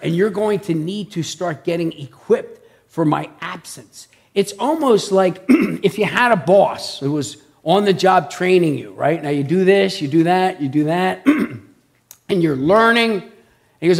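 A man preaching a conversational sermon, animated, who keeps checking in with his listeners with "okay?" and "right?". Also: high-pitched, a little slow, creaky.

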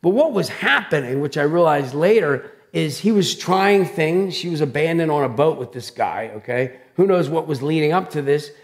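A man preaching a sermon, telling stories in a loud, animated, dramatic way. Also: fairly high pitch, moderate pace, few pauses. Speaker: pastor. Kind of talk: sermon with personal storytelling.

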